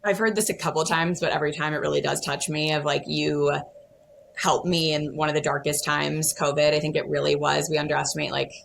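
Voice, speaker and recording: Young woman guest, super low gravelly voice, chatty, says like a lot. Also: level tone, fairly quick, fairly bright tone, a little hiss or hum. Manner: chatty, lots of "like" and fillers. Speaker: guest, content creator. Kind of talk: casual interview talk.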